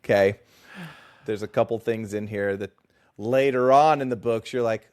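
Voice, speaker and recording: A man co-hosting a casual book-discussion podcast, animated and playfully teasing his partner. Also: on the low side, moderate pace, clean tone. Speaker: podcast co-host.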